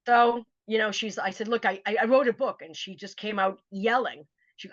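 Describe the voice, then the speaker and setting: A woman telling a personal story in a casual interview, animated and acting out what other people said. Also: fairly high pitch, fairly quick, no room sound. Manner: animated, acts out quoted voices. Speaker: author telling her story. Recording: dry, slightly dull recording.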